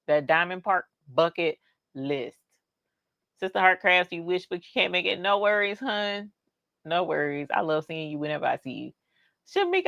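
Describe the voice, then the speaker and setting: Bubbly woman hosting a craft livestream, animated and a little gravelly, recorded dry and close. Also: lowish voice, dry recording. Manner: bubbly, squeals and cheers at viewers. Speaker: livestream host reading chat. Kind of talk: casual livestream chat.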